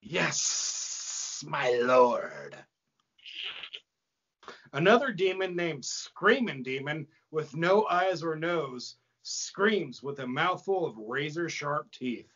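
A man co-hosting a podcast, narrating a comedy horror script in an animated storytelling manner. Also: on the high side, slow, few pauses. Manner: animated storytelling, breaks into laughter. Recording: dull lo-fi podcast audio.

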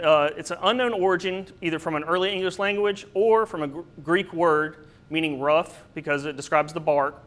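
Man, slide lecture on plants, fairly high voice, bright tone, explanatory, relaxed asides. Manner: explanatory, with occasional fillers and asides. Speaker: presenter. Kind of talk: slide-based botany lecture.

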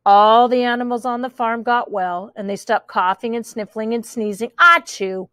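A woman reading a children's picture book aloud in an animated, playful way, commenting on the pictures. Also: fairly high pitch, normal speed, no echo, clean studio sound.

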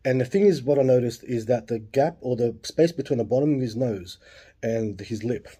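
A husky Australian man in his late forties spins a rambling story, with plenty of swearing and side remarks. His voice is very dark and mellow. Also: medium pitch, moderate pace. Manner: swears freely, lots of asides and fillers. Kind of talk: casual storytelling.

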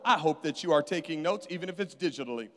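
High-voiced preaching pastor in a hall. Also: male voice, expressive, quick pace, fairly bright tone. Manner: call-and-response preaching, urging the congregation. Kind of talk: sermon. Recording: hall reverb.

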